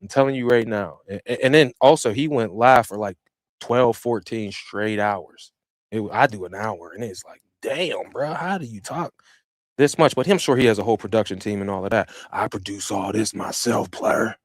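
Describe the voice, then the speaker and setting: A man hosting a lawn care podcast, chatting casually from his own small studio. He talks with energy and street slang, and his voice jumps between loud hype and quieter asides. The sound is dry and close to the mic. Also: on the low side, moderate pace, no echo. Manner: animated storytelling with slang and shifts in loudness. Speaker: podcast host. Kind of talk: casual chat. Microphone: studio microphone he operates himself.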